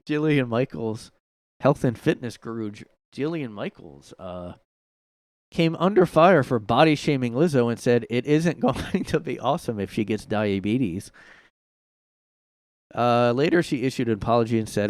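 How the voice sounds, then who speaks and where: A man's voice: medium pitch, lively intonation, a little slow, no room sound, clean studio sound. Sarcastic man hosting a solo podcast. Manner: sarcastic, mocking, laughs at his own jokes. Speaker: podcast host. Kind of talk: casual solo commentary. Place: home room.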